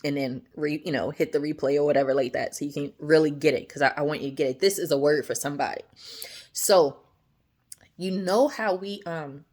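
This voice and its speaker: A woman giving a casual devotional talk to her viewers, chatty and animated, often asking "right?" and acting out quoted voices. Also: a little fast. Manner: acts out quoted voices, often drops soft and low. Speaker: faith vlogger.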